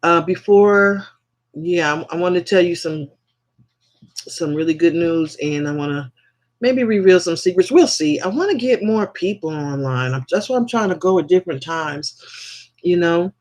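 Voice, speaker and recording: A man hosting a spiritual livestream who leads viewers through slow, repetitive affirmations and greets them affectionately. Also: on the high side. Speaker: livestream host.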